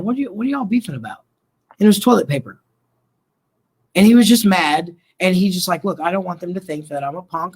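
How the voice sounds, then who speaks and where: Relaxed storytelling man, fairly high voice. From Colorado and Oklahoma. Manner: relaxed, rambling, acts out quoted dialogue. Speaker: interview guest, mental health worker. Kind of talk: casual storytelling interview.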